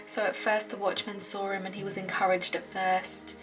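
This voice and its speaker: Reading old scripture at a Bible study she hosts, this woman speaks in a flat, mid-range voice at normal speed with few pauses. Then she thinks aloud, commenting earnestly and from the heart. Clear background music plays under the low-quality recording.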